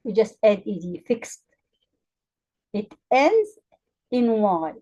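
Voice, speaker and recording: A woman teaching English grammar to learners, with an Arabic accent. She speaks slowly and deliberately, spelling out letters and repeating example words clearly. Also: mid-range voice, very animated, dark tone, lo-fi sound.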